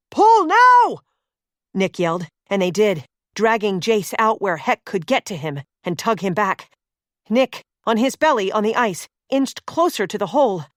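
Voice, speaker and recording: A woman reading a suspense novel as audiobook narrator, in a steady, measured way. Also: medium pitch, dry recording, clean studio sound.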